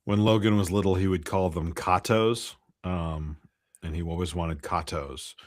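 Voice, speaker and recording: Deep-voiced man, dry close mic, easygoing hesitant co-host. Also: fairly even intonation, no room sound. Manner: easygoing, with hesitant fillers and drawn-out phrases. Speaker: podcast co-host. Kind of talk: casual chat.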